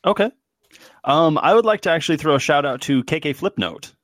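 A man's voice: on the high side, expressive, fairly quick, fairly bright tone, no room sound. A man co-hosting a podcast in casual chat, rambling with many fillers. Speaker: podcast co-host.

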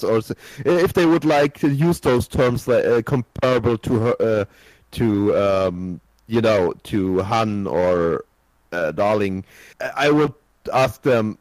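A man's voice: lowish voice, darkish tone, no room sound, poor audio. Casting: German-accented man, casual podcast chat, hesitant, lots of "uh", dry close mic. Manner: halting, many fillers and restarts.

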